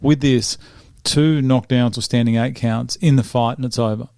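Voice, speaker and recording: Mellow-voiced man, chatty host. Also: mid-range voice, steady tone, moderate pace, gravelly, no room sound. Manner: joking, rambling, self-interrupting. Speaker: podcast host. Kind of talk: casual chat.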